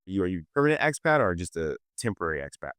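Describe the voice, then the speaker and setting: A man's voice: deep voice, sing-song, rapid-fire, a bit bright, clear, resonant tone, dry recording, clean studio sound. A man hosting a casual interview. He often stops and restarts his questions and fills gaps with "uh". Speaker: podcast host.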